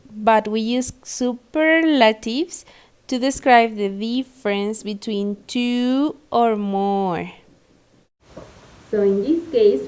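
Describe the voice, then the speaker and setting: A young woman from Mexico, teaching an English lesson slowly and patiently, spelling out each step. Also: a little high. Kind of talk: recorded online lesson. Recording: echoey room.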